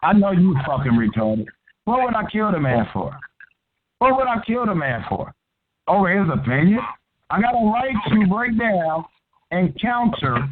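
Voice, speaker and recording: Combative, profane call-in host, tinny line. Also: male voice, high-pitched, slight background noise. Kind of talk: confrontational call-in talk. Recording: tinny phone-line audio.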